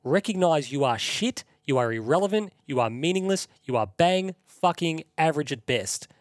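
A man's voice: fairly high pitch, expressive, normal speed, no echo, studio quality. A man co-hosting a casual podcast chat, telling stories and launching into a sweary, heated rant. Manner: profane, heated ranting with storytelling. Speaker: podcast co-host.

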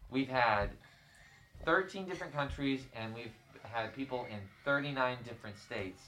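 Woman w a super low voice, hosting a podcast chat w kids, keeps asking short encouraging questions. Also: normal speed, fairly bright tone. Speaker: podcast host and leader of a youth group.

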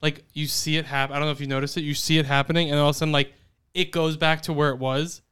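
Guy gushing about movies, super crisp clean voice, lots of likes. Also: a little high, little pitch movement, fairly bright tone. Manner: fast, filler-heavy, enthusiastic. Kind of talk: casual chat about films.

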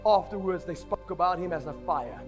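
A man preaching in a high voice, telling stories with emphatic, urgent delivery. His voice rings with a long reverb through a large church hall, with faint music underneath. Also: animated, normal speed. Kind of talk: sermon.

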